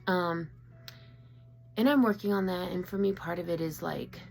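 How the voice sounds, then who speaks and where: A woman's voice: on the low side, normal speed, gravelly, darkish tone, faint music behind. A woman vlogger talking casually and openly about her feelings, rambling with many fillers and restarts. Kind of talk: casual personal confiding talk. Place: her own room at home.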